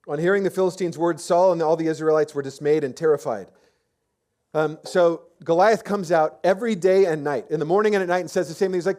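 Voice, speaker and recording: Casual chatty preacher man, slightly high voice. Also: a little fast, a little mellow. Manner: casual, chatty storytelling with many fillers and restarts. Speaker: pastor. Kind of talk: conversational sermon.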